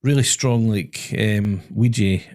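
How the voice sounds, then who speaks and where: A man's voice: lowish voice, slow, darkish tone. A man with a Scottish accent hosting a podcast, chatting casually and telling stories that make him laugh. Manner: chatty storyteller, laughs at his own stories. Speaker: podcast host and driving instructor. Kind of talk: casual chat. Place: small podcast studio.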